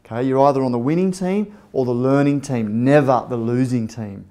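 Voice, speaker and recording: A man giving a motivational talk, telling a story with lively acted-out dialogue. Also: mid-range voice, fairly quick. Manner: animated, acts out dialogue in the story. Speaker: motivational speaker.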